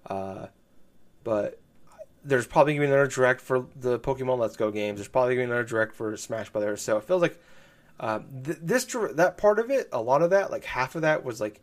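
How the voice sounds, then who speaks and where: A man's voice: medium pitch, fast. A man chatting casually about video games on a podcast, rambling with lots of fillers and restarts. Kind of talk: casual gaming podcast chat.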